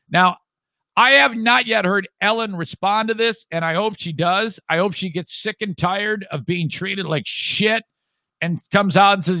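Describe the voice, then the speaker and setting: A man's voice: high voice, expressive, measured pace, a bit bright, no echo. A middle-aged man hosting a talk show, ranting bluntly with lots of swearing. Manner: blunt, swearing, mocking quoted voices. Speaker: radio show host. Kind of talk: profane ranting commentary.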